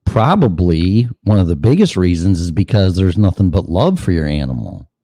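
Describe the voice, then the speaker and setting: Man ranting, sarcastic and profane, low voice, lively swings in pitch, dry close sound. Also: normal speed, husky, no room sound. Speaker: show host. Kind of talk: ranting monologue.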